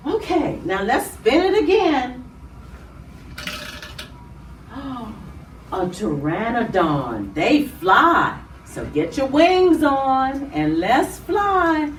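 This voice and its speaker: A woman hosting children's storytime in a library. She speaks to small children in an animated way and draws out her words. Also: on the high side, slow, slight background noise. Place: library room. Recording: roomy, distant mic.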